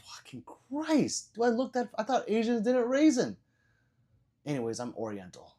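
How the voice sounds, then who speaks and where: Older man, livestream host, reads chat, swears a lot, stammers, loud then mumbling. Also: high voice, huge pitch swings, moderate pace. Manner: profane, rambling, stammers and repeats words; loud swings between shouting and muttering.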